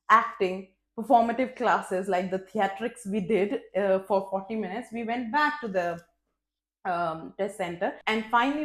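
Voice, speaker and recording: Woman vlogger spilling a story, frank and expressive, swears a bit, mid pitch, echoey room. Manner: candid and expressive, with frequent swearing and self-mocking humor. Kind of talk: casual personal storytelling. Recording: roomy echo.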